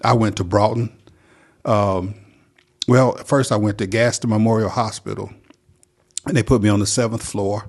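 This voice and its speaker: A man's voice: lowish voice, steady tone, moderate pace, pauses often. A middle-aged man from North Carolina, telling his recovery story as a guest in an earnest, plainspoken way. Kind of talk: personal recovery testimony.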